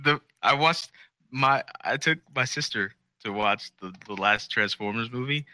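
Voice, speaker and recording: A man's voice: medium pitch, unhurried, pushed and bright. A man co-hosting a podcast in casual chat, rambling and joking as he tells stories. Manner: rambling, jokey storyteller. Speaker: podcast co-host.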